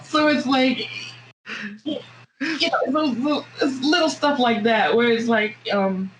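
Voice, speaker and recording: A woman with a Southern American accent chats as a podcast guest, thoughtful and halting, often circling back to restart her sentences. Her voice sits in a fairly low register for a woman, with a faint hum of background noise behind her. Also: steady tone. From Southern United States. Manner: reflective, halting, with frequent restarts. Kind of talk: casual podcast conversation.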